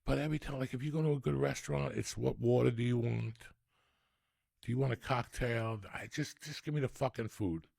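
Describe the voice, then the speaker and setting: A man's voice: mid-range voice, fairly quick, creaky, no echo, studio quality. A man, telling rambling, profane comic stories as a podcast host. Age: 60s. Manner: profane, rambling, animated storyteller. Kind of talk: storytelling comedy rant.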